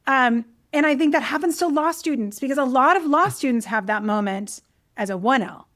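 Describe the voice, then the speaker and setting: A woman from rural California hosting a podcast, telling stories in an animated, self-deprecating way. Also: sits high, brisk. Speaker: podcast host. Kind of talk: casual conversational interview.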